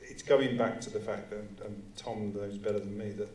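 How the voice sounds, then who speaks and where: A male filmmaker explaining his process at a live audience Q&A, in a measured, explanatory way. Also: lowish voice, little pitch movement, darkish tone, far from the mic, slight background noise. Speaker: writer and director. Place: cinema auditorium. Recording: roomy hall sound, voice from off-mic.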